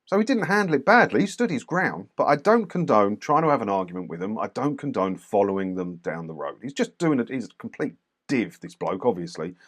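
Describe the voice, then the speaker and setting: A man's voice: lowish voice, very animated, fairly quick. A man casually commenting on doorstep clips for his channel, blunt and mocking. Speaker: YouTube commentator reviewing clips.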